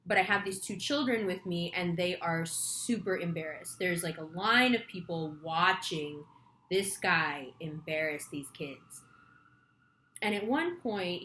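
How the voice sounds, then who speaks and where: A woman's voice: fairly low pitch, bright, forceful tone, reverberant, a little hiss or hum. A woman astrology reader telling a rambling story in a casual monologue, chatty and swearing freely.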